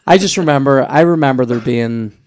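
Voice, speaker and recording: A man's voice: mid-range voice, a little fast, a little mellow. Northern Irish man, joking podcast host. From Northern Ireland. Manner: banters and swears, slips into mock accents. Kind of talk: casual comedy chat.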